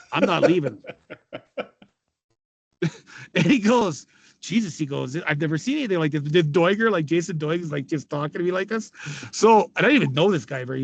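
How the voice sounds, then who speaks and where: An animated man in his fifties with a Canadian accent, once a pro hockey player, tells casual stories on a podcast at a fairly quick clip. His voice is on the high side and creaky, and he swears, laughs and acts out others' lines often. The recording is dry.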